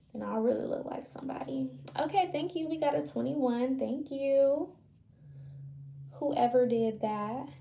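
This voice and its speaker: A woman's voice: a little high, creaky, dark tone. A woman livestreaming, chatting casually with her viewers while she braids her hair. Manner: loose, chatty, talks to viewers. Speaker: livestream host. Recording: roomy echo.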